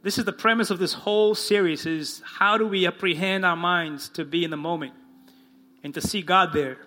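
Male pastor, high and ringing tone, expressive sermon delivery with slow, low quoted lines, faint music bed. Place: church in front of a congregation.

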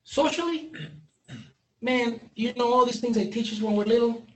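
A man's voice: very high-pitched, moderate pace, a bit bright. A man giving a candid, joking training talk to a live audience, with frequent restarts and stumbles. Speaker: speaker training police on brain injury. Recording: roomy, distant mic, faint noise.

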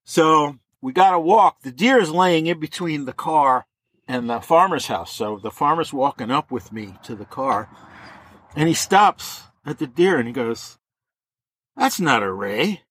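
A man telling a lively story in an interview, laughing now and then as he talks. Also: fairly high pitch, a little slow. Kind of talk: anecdotal storytelling.

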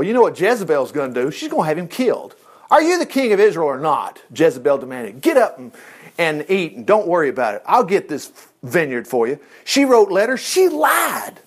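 Middle-aged guy preaching, high voice, real animated, jumps all over with side comments. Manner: animated, swings pitch widely, asides and exclamations. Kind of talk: sermon, retelling scripture.

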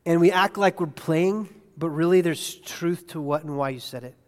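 High-voiced male pastor in a reverberant hall. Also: moderate pace. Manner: conversational, asks the congregation questions; swings from quiet and hushed to loud and excited. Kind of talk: sermon. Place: church sanctuary.

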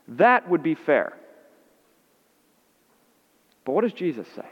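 A man preaching a sermon as pastor, animated and acting out the voices he quotes. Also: slow pace, long pauses, husky. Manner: animated, acts out quoted voices with rising pitch. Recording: muffled audio in a reverberant hall.

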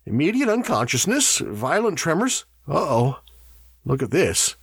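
A man voicing a gruff, bossy older medic who anxiously reads out symptoms. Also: on the high side, sing-song, a little slow, no room sound, studio quality, voice pushed up, heavily acted. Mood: alarmed. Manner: urgent, reading out symptoms.

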